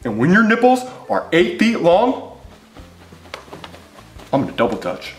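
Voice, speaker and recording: A man's voice: huge pitch swings, unhurried, exaggerated voice. A man doing a bullying, mocking landlord. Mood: menacing. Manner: menacing, mocking, with big swoops in pitch. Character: bullying greedy middle-aged male landlord neighbor. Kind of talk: puppet comedy skit. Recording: echoey room with music.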